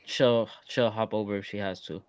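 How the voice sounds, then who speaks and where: A man chats casually as he recaps a reality TV episode with a co-host. He talks in a loose, unhurried way, full of ums and likes. The sound is close and dry, with no room echo. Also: fairly low pitch, clear, resonant tone. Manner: relaxed, hesitant, many fillers. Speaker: podcast co-host.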